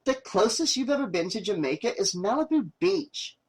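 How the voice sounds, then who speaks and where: A man voicing an irritated young woman filmmaker, sharp and exasperated. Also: high voice, sing-song, normal speed, gravelly, pitched above the performer's own voice, full character voice. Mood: annoyed.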